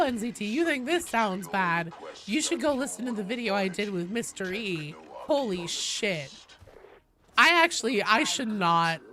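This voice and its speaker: A woman game streamer with a badly damaged, hoarse voice, coughing now and then as she chats casually with her live chat, rambling and swearing freely. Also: medium pitch. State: coughing between sentences. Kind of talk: casual livestream chat, answering chat.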